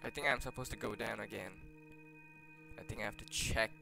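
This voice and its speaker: A man giving jumpy, excitable commentary while playing a horror game, often dropping to hushed, nervous mutters. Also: on the low side, a little fast, vocal fry, music in the background, rough recording. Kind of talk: let's play commentary.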